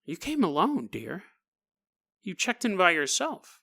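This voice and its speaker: A man's voice: high voice, wildly swooping pitch, unhurried, vocal fry, sharp tone, full character voice. A man voicing a curt, dismissive male hotel concierge. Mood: cold.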